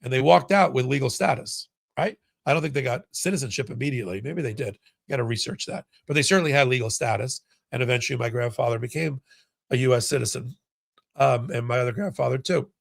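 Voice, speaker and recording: A male host chats casually through a live stream, reading out viewer comments. His voice has a gravelly texture at a middle pitch. The sound is close and dry. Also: quick pace, no echo. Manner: conversational, reads viewer comments aloud, many restarts.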